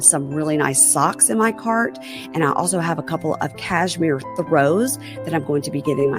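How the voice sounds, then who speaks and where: A woman hosting a podcast, recapping a show in a chatty, gossipy way. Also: low-pitched. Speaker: podcast host. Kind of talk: casual chat and recap.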